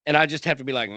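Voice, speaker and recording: A man's voice: a little high, vocal fry, fairly bright tone, slightly rough, no echo, highs cut off. Easygoing man in casual podcast chat. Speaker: podcast co-host.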